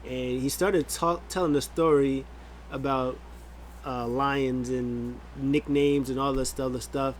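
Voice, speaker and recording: A man talking through a wrestling recap in a loose, unscripted way, his voice at an ordinary middle pitch. He rambles, leans on fillers and slips into quick acted-out quotes as he goes. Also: fairly even intonation, a little hiss or hum. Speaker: wrestling show reviewer. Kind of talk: casual recap.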